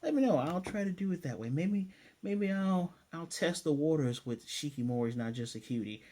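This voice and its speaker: A man's voice: fairly high pitch, animated, normal speed, mellow. A man casually recapping anime episodes, rambling loosely and checking his notes aloud. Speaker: anime reviewer.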